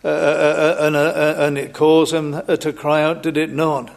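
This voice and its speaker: A man preaching a sermon slowly and haltingly, with many pauses and restarts and old-fashioned biblical wording. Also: fairly high pitch, little pitch movement, gravelly.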